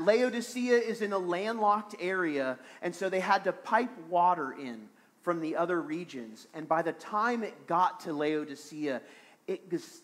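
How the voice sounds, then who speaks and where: A man's voice: fairly high pitch, fairly bright tone. A man preaching a sermon as pastor of a small church, earnest and repeating phrases for emphasis.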